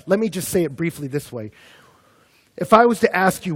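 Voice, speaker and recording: A young man preaches a sermon to college students, animated and storytelling, at times climbing into shouting as he acts out scenes. His voice sits a little high. The sound is dry and close. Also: fairly quick, no echo. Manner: animated, builds to shouting in comic retellings. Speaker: pastor. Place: campus ministry gathering.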